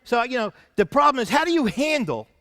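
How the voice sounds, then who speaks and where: A man preaching a sermon as senior pastor, reading scripture aloud between his own points and dropping to soft asides. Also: very high-pitched, big pitch swings, fairly quick, in a large hall.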